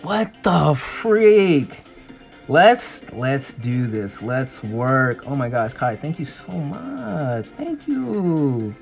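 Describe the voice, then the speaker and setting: A man casually chatting and rambling excitably on a livestream while he draws. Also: mid-range voice, very slow, vocal fry, soft background music. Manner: rambling and excitable, full of fillers. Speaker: artist streaming a drawing session.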